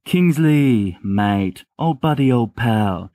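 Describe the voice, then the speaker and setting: A man's voice: mid-range voice, lively intonation, moderate pace, dark tone, breathy edge, no echo. A man voicing a reckless teenage boy who stammers and pleads in a slightly raised voice, in an amateur audiobook reading. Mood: stammering. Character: reckless, excitable teenage boy wizard Sirius.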